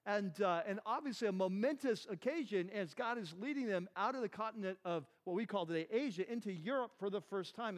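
A man giving a conversational sermon as a Bible teacher, asking his listeners questions and often saying "like" and "right.". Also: high voice. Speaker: pastor teaching a Bible class.

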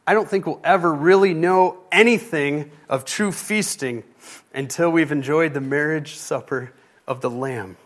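A man's voice: a little high, lively intonation, a little slow, fairly bright tone. A man preaching a sermon, speaking directly to his church and rising in intensity. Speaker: pastor.

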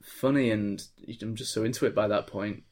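A man's voice: fairly low pitch, fairly even intonation, normal speed, darkish tone. Man hosting a casual film chat. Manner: jokey, leads the ratings and segments. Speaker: podcast host.

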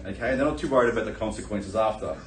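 A man preaching a sermon, telling a Bible story in a lively way and acting out the characters with laughter. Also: on the low side, very fast, slight background noise. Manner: animated storytelling, acts out voices with laughter. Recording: echoey room, voice from a distance.

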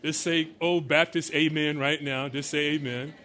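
A man preaching a sermon with a bright, forceful voice that sits a little higher than most men's. He calls on the congregation to answer him back and leans hard on each scripture line. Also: fairly even intonation. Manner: call-and-response preaching, asks the congregation to answer; emphatic, slows to stress scripture lines. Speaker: pastor.

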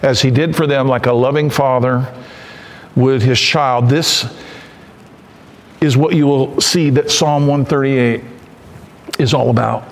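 A man's voice: mid-range voice, fairly even intonation, measured pace, long pauses, long reverb tail. A man preaching a conversational sermon who acts out quotes and asks the congregation questions. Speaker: pastor.

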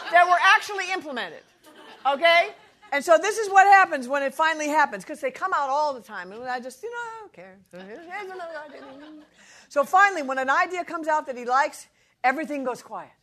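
A woman's voice: high-pitched, bright, forceful tone, a little hiss or hum. A middle-aged woman giving a humorous devotional talk, playful and self-mocking, laughing often. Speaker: Bible teacher.

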